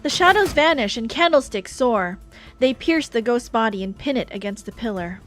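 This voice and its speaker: A woman streamer reading a game's story aloud in a playful, chatty way. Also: a little high. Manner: playful, laughing between lines.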